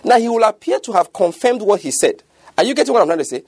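A man's voice: high voice, animated, quick pace, darkish tone, breathy edge, no echo. A man preaching a sermon, emphatic and often checking whether his listeners follow. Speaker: pastor.

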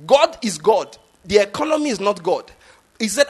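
A man's voice: high-pitched, very animated, moderate pace, slightly rough. A Nigerian man in his fifties preaching a sermon, emphatic and repetitive, often asking listeners if they follow. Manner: emphatic, repeats points, asks the audience if they follow. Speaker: pastor.

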